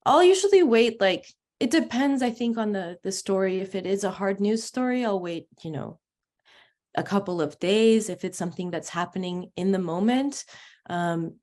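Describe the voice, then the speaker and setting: A woman journalist speaking as an interview guest, her voice sitting at an ordinary middle pitch. She talks in a hesitant, conversational way, pausing on fillers and restarting her sentences as she thinks aloud. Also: animated, a little mellow.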